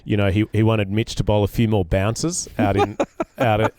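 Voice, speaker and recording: A man's voice: fairly low pitch, little pitch movement, moderate pace, darkish tone, slight background noise. An Australian man and former player telling a cricket story in casual chat, with many ums and restarts.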